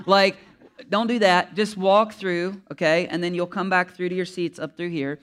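A man's voice: high voice, fairly even intonation, moderate pace, a bit bright, clear, resonant tone. A man as pastor, giving loose, conversational instructions from the front of a church service, with many fillers and restarts. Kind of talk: casual sermon instructions.

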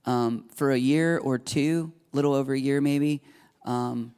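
A man's voice: medium pitch, fairly even intonation, unhurried, darkish tone, smooth. A man in his thirties preaching a sermon as a pastor, earnest and confessional, acting out quoted prayers.

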